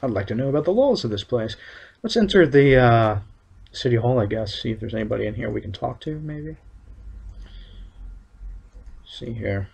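Guy doing let's play commentary, lots of uhs, husky gravelly voice. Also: medium pitch, lively intonation, brisk, darkish tone. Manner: hesitant, many fillers, thinking aloud. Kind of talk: casual game commentary.

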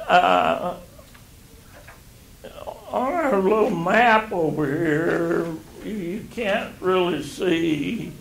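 An older man teaching a Bible lesson, reading scripture aloud and explaining it in a slow, halting way. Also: fairly high pitch, vocal fry.

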